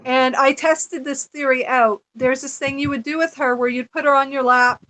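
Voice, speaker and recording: Animated, chatty high-voiced woman. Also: moderate pace. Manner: animated, chatty, laughs often. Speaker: podcast guest. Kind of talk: casual storytelling chat.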